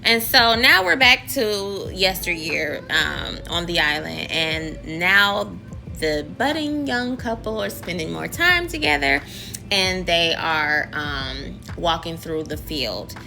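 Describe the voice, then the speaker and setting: A woman gossips her way through a series recap in a loose, slangy chat. Her voice is bright and forward, with a gravelly fry. Faint music plays in the background. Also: lowish voice, expressive, takes it slowly. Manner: chatty, slangy, gossipy retelling. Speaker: TV show recapper. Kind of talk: casual chat.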